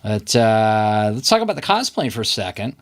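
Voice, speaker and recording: A man hosting a podcast in a recording studio, chatty and lively as he talks with his guest. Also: fairly low pitch, moderate pace. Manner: chatty, animated, laughs easily. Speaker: podcast host. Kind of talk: casual interview chat.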